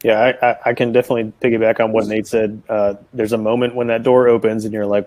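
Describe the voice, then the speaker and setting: A man's voice: fairly low pitch, flat delivery, quick pace, darkish tone, dry recording, poor audio. A man speaking as a panelist who steadily walks through steps in order. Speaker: webinar panelist. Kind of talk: conversational advice talk.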